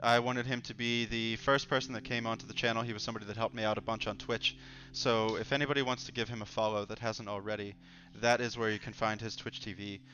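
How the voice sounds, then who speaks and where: A man's voice: on the low side, little pitch movement, quick pace, few pauses, bright, forceful tone, slight background noise. A man hosting a casual livestream conversation in an easygoing, joking way, reading comments out as he goes. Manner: easygoing, joking, reads chat aloud. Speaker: host. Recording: dull lo-fi stream audio with faint music.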